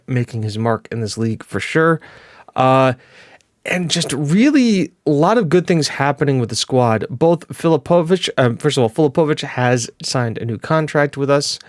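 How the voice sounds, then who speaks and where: A man's voice: mid-range voice, no echo, clean studio sound. A young man hosting a gaming video, talking through his game in a casual, rambling way with fillers and self-corrections. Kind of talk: casual gameplay commentary.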